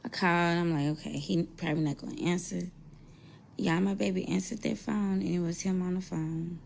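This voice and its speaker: A woman speaking slowly and haltingly as she shares news about her son, holding back tears. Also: on the low side, fairly even intonation, creaky, darkish tone, a little hiss or hum. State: tearful. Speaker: mother sharing news. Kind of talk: emotional personal account.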